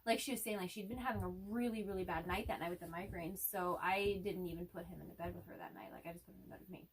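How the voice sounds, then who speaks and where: A woman's voice: lowish voice, fairly even intonation, quick pace, recorded from a distance, slight background noise, low-quality recording. A woman co-hosting a casual chat, rambling anxiously through stories and laughing often. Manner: rambling, nervous storyteller with frequent laughs. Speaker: co-host.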